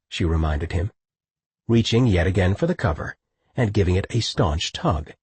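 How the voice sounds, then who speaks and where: Husky male audiobook narrator. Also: low voice, no echo. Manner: steady, measured storytelling. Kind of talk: scripted narration.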